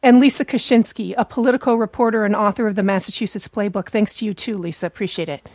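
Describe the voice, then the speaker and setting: A woman's voice: mid-range voice, fairly even intonation, a little mellow, dry recording, clean studio sound. Scratchy-voiced woman radio host. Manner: brisk, conversational interviewer. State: scratchy voice from a recent illness. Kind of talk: public radio talk show hosting. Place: home studio.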